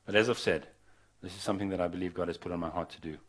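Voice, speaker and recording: Earnest low-voiced man preaching. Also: fairly even intonation, very fast. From not from Australia. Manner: earnest, urging, with frequent restarts. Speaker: visiting preacher. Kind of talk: sermon to an evening gathering.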